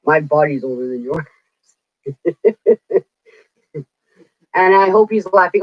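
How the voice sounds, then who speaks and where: A woman's voice: on the low side, animated, slow pace, long pauses, no room sound. A woman in her forties chatting casually on a livestream, telling stories bluntly and swearing freely. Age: 40s. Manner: blunt, profane storytelling. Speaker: livestream host. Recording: dull lo-fi dry sound.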